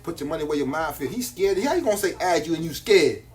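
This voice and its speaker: A man's voice: fairly high pitch, sing-song, quick pace, crowd noise. A man, selling jewelry on a phone live stream, boastful and slangy, repeating his hype lines.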